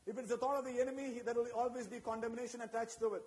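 Guy preaching a sermon, really high voice, repeats himself for emphasis. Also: steady tone, racing, few pauses, darkish tone, rough recording. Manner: preaching with call-and-response asides to the congregation; repetitive, emphatic phrasing.

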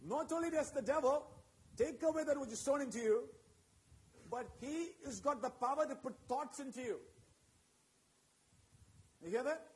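Brief: male preacher with a very high-pitched voice, emphatic and repetitive, keeps checking in with the congregation. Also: moderate pace, long pauses, slight background noise, low-quality recording. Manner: preaching with call-and-response asides to the congregation. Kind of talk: sermon.

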